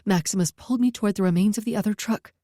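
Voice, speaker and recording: A woman reading a first-person story aloud at a steady pace, close to the mic. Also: mid-range voice, racing, dry recording. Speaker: audiobook narrator.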